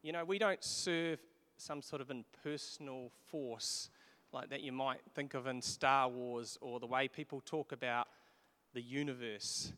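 A man delivering a sermon as pastor, earnest, with occasional pauses and rising emphatic peaks. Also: medium pitch, steady tone, fairly bright tone, clean tone. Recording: long hall reverb.

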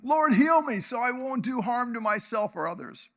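Preacher playing a guy begging god for blessing, fervent, high and bright. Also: expressive, moderate pace, full character voice. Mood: pleading. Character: earnest man pleading to God.

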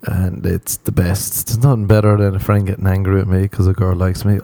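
Brief: lowish, mellow male voice, self-mocking comic rambler with a foreign accent. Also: level tone, a little fast. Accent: non-American. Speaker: comedian. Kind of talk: comic monologue.

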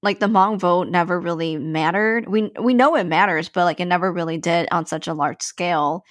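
A woman co-hosting a casual chat, speaking slowly and emphatically in an encouraging way. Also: lowish voice, no echo, studio quality.

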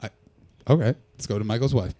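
A young man doing profane, mocking stand-up crowd work, bursting loud at times. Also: mid-range voice, fast talker. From Canada. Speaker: stand-up comedian.

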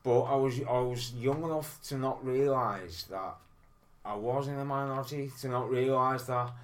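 A man with a mild Liverpool accent talks in a casual film podcast chat. He speaks hesitantly, fills pauses with ums, and sounds earnest. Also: mid-range voice. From Liverpool, England. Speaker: podcast co-host.

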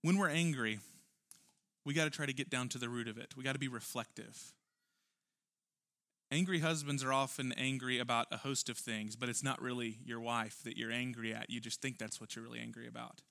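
A man's voice: medium pitch, steady tone, brisk, vocal fry, sharp tone. A man preaching a church sermon, earnest and emphatic, full of rhetorical questions. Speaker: pastor.

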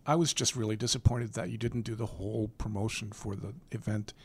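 A man's voice: fairly low pitch, steady tone, brisk, husky, no room sound. A man chiming in on a casual chat, dry and teasing.

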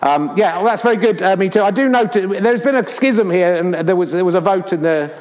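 A man's voice: sits high, a little fast, a little mellow. Mock-grand comic man, theatre reverb. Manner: sardonic, swearing, mock-grand announcing. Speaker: comedian doing live snooker commentary. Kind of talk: mock sports commentary on stage. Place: theatre stage. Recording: long hall reverb, faint noise.

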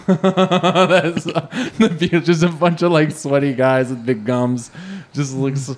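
A man's voice: on the high side, little pitch movement, takes it slowly. A man co-hosting a podcast, chatting casually, laughing and swearing as he jokes around. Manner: joking, laughs often, swears. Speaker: podcast co-host. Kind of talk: casual chat.

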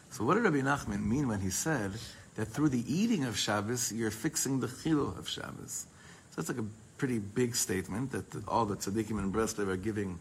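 Emphatic rabbi teaching a class. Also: male voice, fairly low pitch, a bit bright, slight background noise. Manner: emphatic, mixes Hebrew terms into English speech. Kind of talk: lively Torah class.

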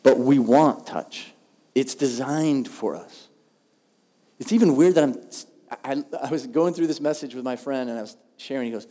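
A male pastor, preaching a sermon in a relaxed, conversational, humorous way. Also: medium pitch, a little slow. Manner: conversational, humorous, animated storytelling. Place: church auditorium. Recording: long hall reverb.

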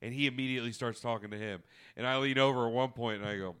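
A man's voice: medium pitch, fast, clear, resonant tone. A man telling a story in casual podcast chat, swearing freely and piling on fillers. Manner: profane, animated storytelling with lots of fillers.

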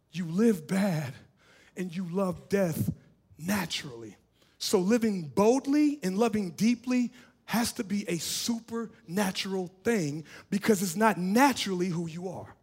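High-voiced preacher swinging loud and soft. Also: male voice. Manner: preaching with sudden swings from loud to hushed, repeating phrases; laughs and shouts in bursts. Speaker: pastor. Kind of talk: sermon.

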